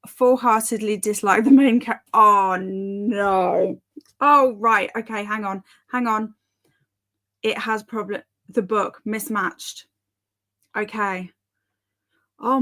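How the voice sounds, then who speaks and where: A fairly high-pitched woman in her thirties streams booktube reading sprints, giggling and chatting as she reads viewer comments aloud in an easygoing live session.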